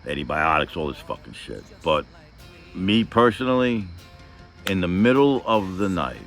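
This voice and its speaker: Very deep-voiced man telling a story. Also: big pitch swings, moderate pace, a bit bright, faint music behind. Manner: rambling, profane, heavy with filler phrases; earnest, emphatic. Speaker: vlogger. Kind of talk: casual personal storytelling.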